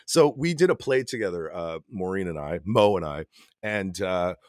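A man with a low voice, lively intonation and normal speed co-hosts a casual podcast with his wife. Their chat is relaxed, and he speaks bluntly, swears plenty, and restarts his sentences as he goes.

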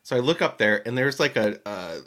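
A man co-hosting a podcast, telling a family anecdote in an animated way, laughing easily and acting out quotes. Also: mid-range voice, brisk. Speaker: podcast co-host. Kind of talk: casual storytelling chat.

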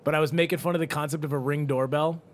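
A man's voice: a little high, fairly even intonation, fast talker, a little hiss or hum. A man hosting a casual podcast, telling stories animatedly with lots of fillers. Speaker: podcast host and comedian. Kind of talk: casual chat.

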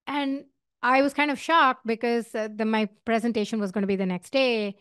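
A woman's voice: on the high side, steady tone, normal speed, a bit bright, smooth, no echo, studio quality. A middle-aged woman with an Indian accent gives career advice in an earnest, conversational way, with fillers and restarts. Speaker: podcast host. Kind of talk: solo advice talk.

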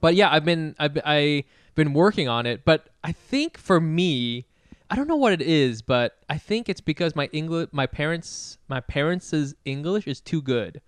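Smooth-voiced man in casual chat. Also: fairly high pitch, expressive, no room sound. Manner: laughs often, quick back-channel agreement.

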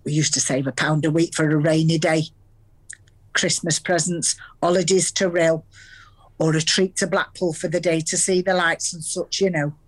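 An actress playing a chatty Salford gran. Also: female voice, fairly low pitch, close to an everyday voice. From Salford, England. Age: older. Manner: storytelling, earthy, quick to laugh. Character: warm chatty Salford grandmother with dementia. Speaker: grandmother.

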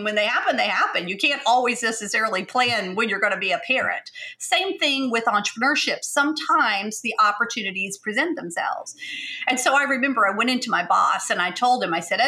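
Middle-aged woman guest, animated storyteller, bright tone, quoted dialogue, quick laughs. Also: a little high. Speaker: podcast guest, agency founder. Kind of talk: storytelling interview answer.

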